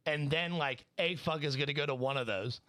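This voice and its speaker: A man's voice: on the high side, fairly quick, sharp tone, dry recording. A man co-hosting a casual podcast, laid-back, blunt and full of swearing. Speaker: podcast co-host.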